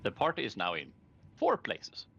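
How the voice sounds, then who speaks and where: A man running a tabletop game, lively and quick to joke. His voice is bright and animated, moving all over its range. The sound is dull and lo-fi. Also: lowish voice, gravelly, breathy edge. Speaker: game master.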